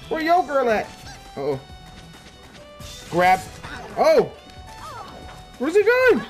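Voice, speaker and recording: A man giving casual, excitable commentary while playing a fighting game, gasping and laughing as he reacts. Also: high-pitched, takes it slowly, long pauses, soft background music. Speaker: let's player.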